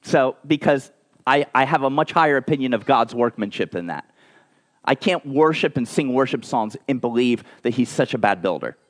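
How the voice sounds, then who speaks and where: A man preaching a conversational sermon, telling stories with lively asides and frequent restarts. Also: mid-range voice, moderate pace. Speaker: pastor.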